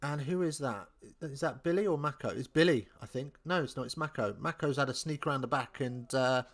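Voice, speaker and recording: A man's voice: mid-range voice, a little fast, a bit bright. A young man from England hosting a live rugby watch-along, chatting casually, thinking aloud and answering viewers as he follows the match.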